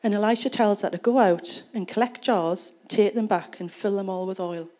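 A woman's voice: medium pitch, normal speed, dark tone. A woman preaching a sermon in church, retelling a scripture passage and explaining it in a conversational way. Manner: conversational storytelling, reads scripture then explains it.

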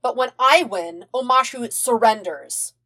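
A woman's voice: a little high, a little slow, pushed and bright, pitched above the performer's own voice. A woman doing a prickly boy prince. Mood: grandiose. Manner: stiff, defensive, puffed-up. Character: proud, prickly twelve-year-old banished prince. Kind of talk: podfic character voice.

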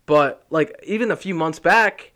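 A man's voice: a little high, measured pace. A young man, co-hosting a podcast and telling stories animatedly in casual chat, swearing often. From Philadelphia area. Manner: animated storytelling, swears a lot. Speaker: podcast co-host.

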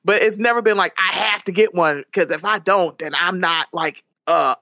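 Animated woman guest, swears freely. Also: lowish voice, moderate pace, no echo, clean studio sound. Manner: animated, swearing, laughs often. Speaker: podcast guest. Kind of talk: casual chat.

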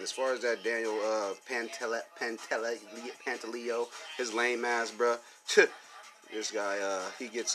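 A man's voice: lowish voice, sharp tone. A man hosting a casual solo podcast, ranting heatedly with lots of profanity, fillers and short laughs. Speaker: podcast host.

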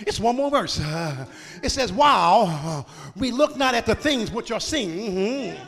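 A man in his fifties preaching a sermon, punctuating his phrases with "uh" and rising into shouted exhortation. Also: sits high, very animated, measured pace, big-room sound, faint music behind. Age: 50s.

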